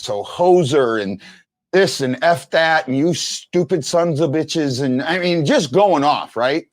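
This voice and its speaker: Lively, rambling fan-show host, a man. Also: a little high. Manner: rambling storyteller, restarts often. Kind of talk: casual sports chat.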